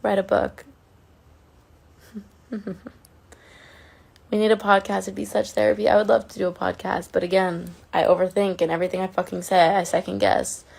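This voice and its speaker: A woman's voice: mid-range voice, flat delivery, moderate pace, gravelly, long pauses, darkish tone, slightly rough. A woman chatting casually on a phone livestream, reading and answering fan comments in an affectionate way and swearing now and then.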